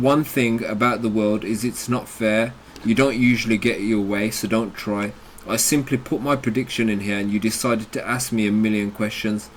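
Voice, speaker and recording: A man's voice: mid-range voice, a little hiss or hum. A British man hosting a crypto channel, ranting bluntly and combatively about a chat argument, with plenty of swearing. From United Kingdom.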